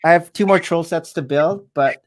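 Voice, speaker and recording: High-voiced guy hosting his lego stream, chill and friendly. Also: moderate pace. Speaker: livestream host. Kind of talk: casual chat.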